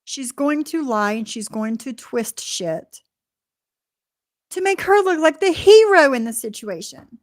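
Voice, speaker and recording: Woman streamer, indignant commentator, slightly high voice, reads chat aloud. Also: lively intonation, a little slow. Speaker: livestream host. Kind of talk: commentary livestream reacting to clips.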